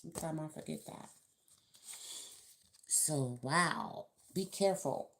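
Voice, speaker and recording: A woman's voice: deep voice, slow, creaky. A woman giving a casual tarot reading to camera, talking in a chatty, colloquial, rambling way. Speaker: tarot reader.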